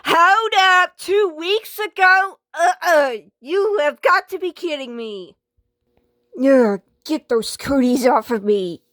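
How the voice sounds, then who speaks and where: Woman voicing a shrill bratty washing machine. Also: lively intonation, slow pace, fairly bright tone, dry recording, studio quality, exaggerated voice. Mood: disgusted. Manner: shrill, bossy and dramatic. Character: bratty squeamish female talking washing machine. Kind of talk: homemade skit role-play.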